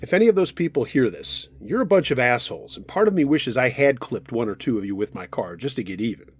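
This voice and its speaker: A man narrating true scary stories from listeners in the first person, in a steady storytelling way. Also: medium pitch, fast talker, husky, no echo.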